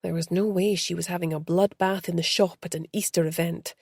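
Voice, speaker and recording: Woman reading an audiobook, gravelly and low, super dry close mic. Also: fairly even intonation, fairly quick, darkish tone, no room sound. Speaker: narrator. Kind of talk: audiobook narration.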